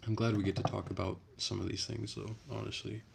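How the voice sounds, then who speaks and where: A man's voice: lowish voice, level tone, brisk, creaky, a little hiss or hum. A young man hosting a casual livestream from home on his phone, chatty and profane, ranting and answering his viewers. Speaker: livestream host. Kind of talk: casual livestream chat reading comments.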